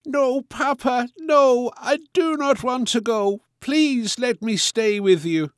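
A man voicing a frightened, tearful little girl in a storybook reading, speaking in a high, slow, pleading way. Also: smooth, no room sound, studio quality.

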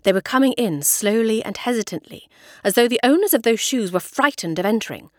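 A woman narrating a storybook with expressive, dramatic delivery. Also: on the high side, brisk, no room sound, clean studio sound.

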